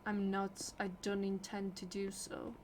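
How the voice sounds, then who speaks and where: A woman talking through a game in soft, earnest, confessional commentary, sometimes dropping to a whisper. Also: mid-range voice, completely flat delivery, a little slow, background noise. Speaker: gameplay streamer. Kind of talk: reflective gameplay commentary. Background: loud game music.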